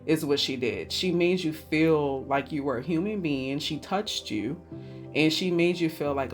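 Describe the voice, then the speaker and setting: Measured woman physician guest. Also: deep voice, soft background music. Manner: measured, explanatory. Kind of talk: intimate conversation.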